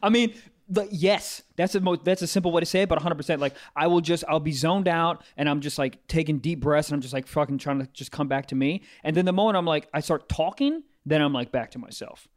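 A man's voice: on the high side, quick pace. A man co-hosting a podcast, rambling and crude in casual chat. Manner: crude, rambling, swears freely. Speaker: podcast co-host.

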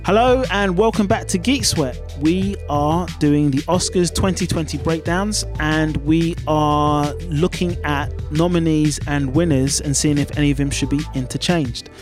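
A man's voice: on the high side, measured pace, few pauses, over music. A man hosting a casual podcast chat, upbeat and chatty, with plenty of fillers. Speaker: podcast host.

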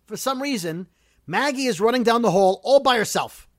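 A man hosting a casual chat that recaps a TV episode, talking fast and ranting about plot holes. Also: very high-pitched, expressive, a bit bright, no room sound, studio quality. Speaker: podcast host recapping a TV episode.

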